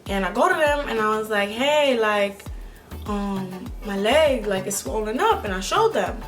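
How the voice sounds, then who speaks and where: Young woman, rambling casual storyteller, mid pitch, faint music under her. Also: measured pace. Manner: rambling, filler-heavy, animated retelling. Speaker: vlogger.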